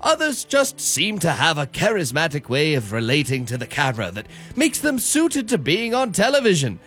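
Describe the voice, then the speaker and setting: A man's voice: on the high side, wildly swooping pitch, moderate pace, a bit bright, husky, faint music behind, heavily acted. A radio co-host playing a pompous male professor who lectures theatrically in a morning-show comedy bit. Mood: theatrical lecturing. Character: pompous male professor moonlighting as a burger courier.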